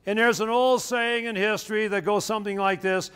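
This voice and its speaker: A man's voice: sits high, normal speed, few pauses, smooth. An older man who is a local historian, telling history in a folksy, anecdotal way with joking asides. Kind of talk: storytelling history talk.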